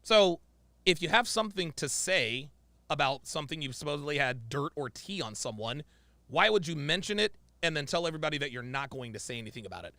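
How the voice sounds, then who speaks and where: A man's voice: a little high, lively intonation, a little fast, bright, forceful tone, dry recording. A male podcast host giving sarcastic, mocking commentary on a video clip and mimicking the people in it. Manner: sarcastic, mimics others in quotes.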